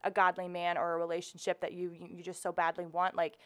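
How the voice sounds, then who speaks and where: A woman's voice: fairly low pitch, monotone, fast talker, no echo. A woman in her twenties co-hosting a faith podcast, talking casually with lots of fillers. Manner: chatty, lots of fillers, laughs easily. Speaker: podcast co-host. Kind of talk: casual chat.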